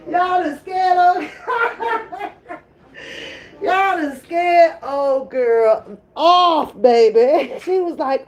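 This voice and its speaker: A woman's voice: very high voice, animated, very slow, pauses often. A woman hosting a casual livestream reaction chat, laughing often, profane, calling her viewers y'all. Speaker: livestream host.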